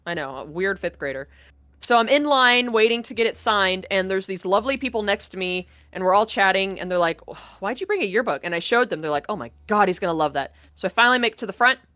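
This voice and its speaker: A woman chatting casually as a guest, an animated storyteller who acts out the people she quotes. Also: mid-range voice, fast, dry recording, muffled recording. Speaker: guest, game co-developer. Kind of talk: casual podcast chat.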